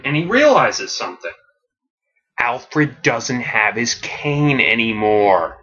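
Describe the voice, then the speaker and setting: A man narrating a story pitch in an animated, casual, slangy way. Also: takes it slowly, lo-fi sound.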